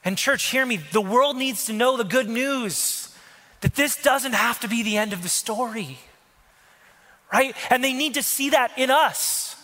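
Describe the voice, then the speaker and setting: A man's voice: very high-pitched, measured pace, sharp tone. A male pastor preaching a sermon in a conversational way, with asides and jokes to the congregation, recorded in a church hall. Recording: long hall reverb.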